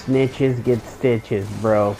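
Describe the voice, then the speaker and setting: A man's voice: medium pitch, fairly even intonation, extremely slow, dark tone, a little hiss or hum, low-quality recording. A man streaming a game, telling a long rambling story in casual chat. He swears freely and often restarts his sentences.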